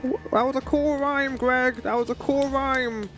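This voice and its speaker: A man's voice: very high voice, fairly even intonation, measured pace, a bit bright, soft background music. A man streaming a game, chatting casually and joking with frequent laughs. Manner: chatty, jokey, laughs often. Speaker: gaming streamer.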